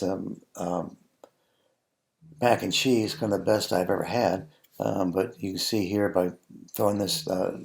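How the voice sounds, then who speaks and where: A man, a food photographer, talking through his photos in a relaxed, halting way with many ums and restarts. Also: low-pitched, vocal fry. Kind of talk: casual tutorial narration over photos.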